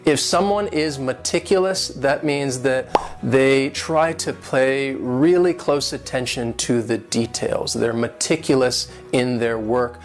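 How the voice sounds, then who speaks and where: A man's voice: medium pitch, slow pace, faint music behind. Patient man teaching word pronunciation. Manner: clear, patient, spells out syllables and stress. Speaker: English teacher. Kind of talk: vocabulary and pronunciation lesson.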